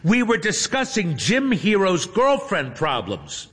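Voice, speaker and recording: A man voicing a cheerful young female wizard livestreamer who talks in a bright, sing-song, coaxing way. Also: high-pitched, huge pitch swings, slow, big-room sound, voice pushed up, full character voice.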